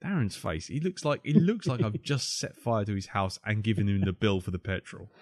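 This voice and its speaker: A man's voice: fairly low pitch, fairly quick, darkish tone, no room sound, clean studio sound. A man hosting a podcast, joking, swearing and teasing his co-hosts in casual banter. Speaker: podcast host.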